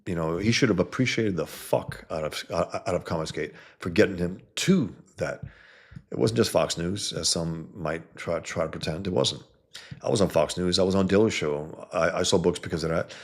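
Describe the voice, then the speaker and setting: A man's voice: deep voice, slightly rough. A man hosting a casual livestream, talking bluntly and profanely to his chat, rambling with frequent restarts. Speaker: livestream host reading chat. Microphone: computer mic, no headset.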